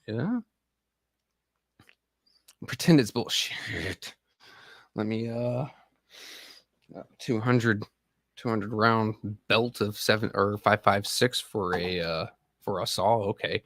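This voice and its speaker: This army veteran in his thirties speaks slowly in a lowish, fairly bright voice, leaving long pauses. He's hosting a live stream, rambling and cursing as he chats casually with viewers, captured in clean studio sound with no room sound.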